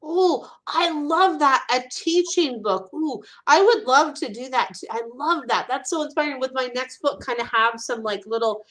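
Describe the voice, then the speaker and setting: A woman talks as a guest in a relaxed interview, full of enthusiasm and gushing warmth for her subject. Her voice sits a little higher than average. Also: moderate pace, hardly any pauses, low-quality recording. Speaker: guest, animal communicator. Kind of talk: casual interview chat.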